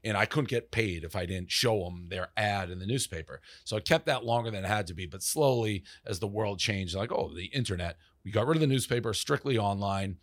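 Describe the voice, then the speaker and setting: Brief: forties man, low voice, profane storyteller who quotes others, dry close mic. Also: brisk, hardly any pauses, no echo. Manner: loose, profane, quotes people in asides. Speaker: interview guest, media founder. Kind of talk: casual interview storytelling.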